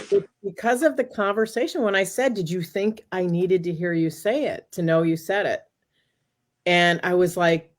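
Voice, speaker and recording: A woman, a guest on an interview show, telling a personal story in a casual, animated way, often quoting what she said to herself. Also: fairly low pitch. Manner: animated, talks through quoted inner dialogue.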